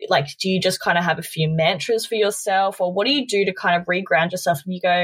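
A woman's voice: on the low side, fast talker, few pauses, fairly bright tone, slightly rough, no room sound. A woman co-hosting a podcast, asking her guest a searching question in a casual, conversational way. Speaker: podcast co-host.

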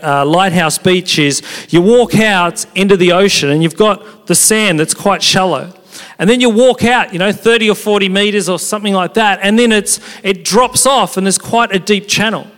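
Fairly high-voiced preaching man in a hall. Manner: animated storytelling, conversational preaching. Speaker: pastor. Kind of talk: sermon. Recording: long hall reverb.

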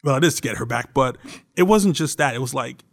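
Animated young man retelling a story. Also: mid-range voice, fairly quick, creaky. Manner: animated storytelling, acts out quotes. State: tearing up. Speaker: podcast co-host. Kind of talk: casual chat.

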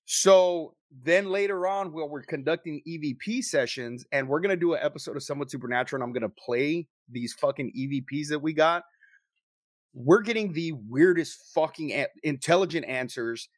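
Young guy telling a story to his buddies, swears a ton, slightly high voice, dry close mic. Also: brisk, no room sound. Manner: profane, animated storyteller who acts out quotes. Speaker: paranormal investigator telling a story. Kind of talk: casual storytelling among friends.

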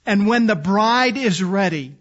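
Male preacher, high voice, slow earnest sermon delivery, slightly dull lo-fi recording. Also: animated. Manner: slow, earnest, drops to soft low phrases for emphasis.

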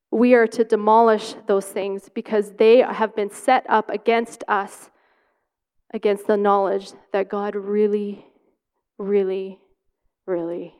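Woman preaching with clear ringing voice. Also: mid-range voice, a little mellow. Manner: emphatic, repeats words for stress. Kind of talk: sermon with scripture reading and personal story. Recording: long hall reverb.

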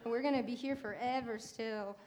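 A woman's voice: on the high side, steady tone, normal speed, crowd noise. A woman preaching a sermon, telling a personal testimony in an earnest, conversational way with fillers and restarts.

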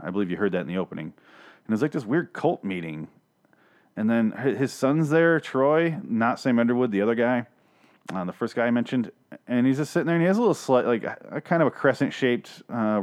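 Exasperated, profane man ranting. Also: lowish voice. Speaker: podcast host reviewing a TV episode. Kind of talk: casual ranting recap.

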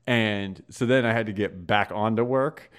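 A man co-hosting a podcast, telling stories in an animated, profane, casual way. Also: fairly low pitch, normal speed, smooth. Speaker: podcast co-host. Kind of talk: casual chat.

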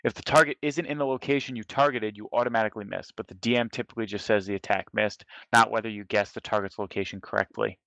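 A man's voice: on the low side, steady tone, fast talker, creaky, few pauses, pushed and bright, no room sound, highs cut off. A man playing a tabletop game, counting his moves aloud and reading the rules out carefully. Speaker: player.

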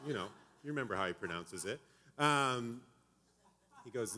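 A man in his thirties giving a conversational sermon as a pastor, often checking in with a quick "right?". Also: medium pitch, lively intonation, sharp tone. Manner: conversational preaching, frequent "right?" asides.

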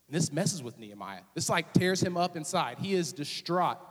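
A young man preaches in a relaxed, joking way and keeps dropping into little voiced asides. His voice sits fairly high for a man. It rings with long reverb through a church auditorium. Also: moderate pace, few pauses, slightly rough. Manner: casual, joking, animated storytelling with voiced asides. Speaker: student ministries director preaching. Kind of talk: sermon.

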